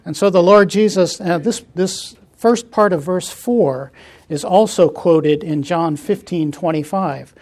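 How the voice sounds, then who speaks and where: A man leading a Bible study, reading scripture aloud and explaining it with frequent pauses and fillers. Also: high voice, a little mellow.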